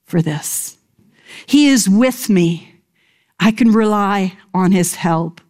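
A middle-aged woman preaching a sermon in an earnest, deliberate way, sometimes dropping to a whisper. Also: mid-range voice, a little mellow.

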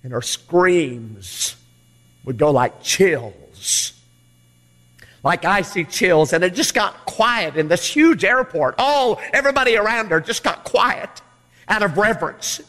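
A man preaching a revival sermon, fiery and dramatic, swinging from hushed storytelling to loud pleading questions. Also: high-pitched, animated, slow, in a large hall. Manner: fiery, shifts from quiet to shouting. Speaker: evangelist preacher.

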